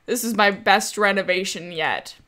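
This gaming creator is a young woman with a medium-pitched, a bit bright voice and a moderate pace. Her commentary over the gameplay is relaxed and talkative, frequently frustrated, and she often argues with the game's characters.

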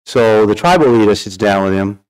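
A man's voice: fairly low pitch, lively intonation, a little fast, a little mellow, smooth. A man with a cold, telling a folksy joke and his personal testimony at church. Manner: folksy storyteller. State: has a cold.

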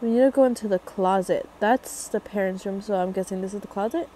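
A woman's voice: mid-range voice, a little fast, warm tone, a little hiss or hum, poor audio. A young woman giving casual commentary as she plays a horror game, thinking aloud and getting jumpy and scared as it goes on. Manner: thinking aloud, jumpy and frightened during chases. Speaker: gaming video creator.

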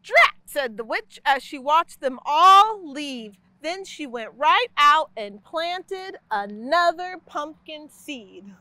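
A woman storyteller reading a children's picture book aloud, expressive and quick to act out the sound effects. Her voice is very high and bright, and she swoops widely in pitch at an unhurried pace. The recording is close and dry. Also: no echo. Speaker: library storyteller.

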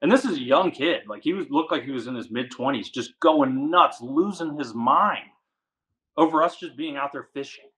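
Guy from the dc area telling a fishing story, bright voice, lots of "like", gets animated. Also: fairly high pitch, low-quality recording. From Washington DC area. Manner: animated, fast, says "like" a lot. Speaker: podcast guest angler. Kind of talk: casual storytelling chat.

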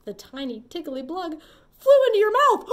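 A woman leading a preschool story time, singing and talking in a bright, sing-song, encouraging way. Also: very high-pitched, big pitch swings, normal speed. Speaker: children's librarian.

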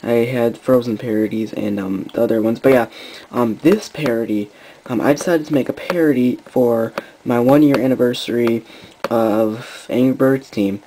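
Rambling excited young man, mellow voice. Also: medium pitch, normal speed, a little hiss or hum, low-quality recording. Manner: excitable, rambling with many fillers and restarts. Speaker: channel host. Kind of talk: casual vlog chat.

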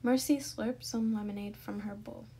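A woman reads a children's storybook aloud with a gravelly, slightly husky voice. Her tone is mellow and dark, and she tells the story in a steady, gentle way. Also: mid-range voice, moderate pace. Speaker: storybook reader. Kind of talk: children's book read-aloud.

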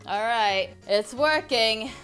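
A woman's voice: on the high side, slow, fairly bright tone, faint music behind. A woman playing a fed-up mom in a game role-play, talking in a dramatic, exasperated way and often repeating herself. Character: fed-up mom turned into a monster. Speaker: gaming YouTuber.

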